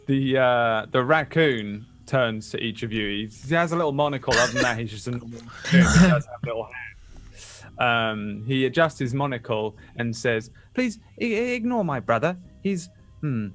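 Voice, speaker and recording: A man's voice: medium pitch, normal speed, fairly bright tone, soft background music. A man narrating as game master of a tabletop game, casual and full of fillers.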